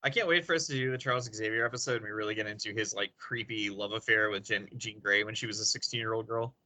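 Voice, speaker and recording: A man co-hosting a podcast in casual chat, with wry, deadpan remarks. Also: lowish voice, fast talker. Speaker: podcast co-host.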